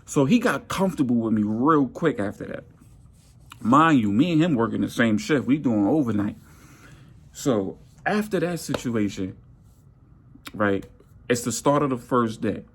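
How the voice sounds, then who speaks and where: A man telling a workplace story in a casual monologue, animated, acting out his coworkers' lines. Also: a little slow, long pauses, husky. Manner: animated, acts out coworkers' lines with jumps in pitch.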